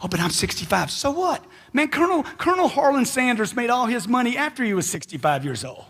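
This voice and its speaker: A man giving a live motivational speech into a handheld mic, loud and punchy, firing off rhetorical questions. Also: extremely high pitch, expressive, brisk, long reverb tail. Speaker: motivational speaker.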